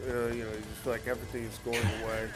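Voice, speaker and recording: A game streamer hosting a livestream chats loosely while he plays, rambling with lots of fillers. His mid-range voice is completely flat and very fast, with video game music in the background.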